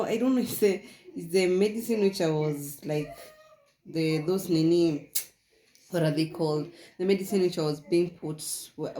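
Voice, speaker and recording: A woman's voice: fairly low pitch, dark tone. A young woman, telling her own story in a casual vlog, rambling and repeating herself with frequent laughs. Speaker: vlogger. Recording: echoey room.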